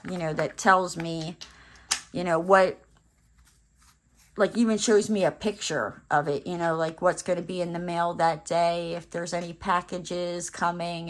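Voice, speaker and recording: A woman telling a rambling story in casual chat while she crafts at home, full of fillers and restarts. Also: lowish voice. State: briefly out of breath after running downstairs. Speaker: crafting vlogger.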